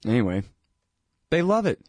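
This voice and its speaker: A man's voice: mid-range voice, very animated, moderate pace, a little mellow, no room sound. A man giving casual, sardonic political commentary, laughing at his own points and peppering his talk with "dude" and "man". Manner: filler-heavy, says dude and man.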